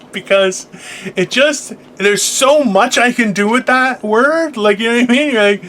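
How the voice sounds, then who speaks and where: A man co-hosting a podcast in casual comedic chat, telling animated jokey stories and acting out other people's voices. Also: sits high, normal speed, slight background noise. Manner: animated, jokey storyteller who acts out voices. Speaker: podcast co-host.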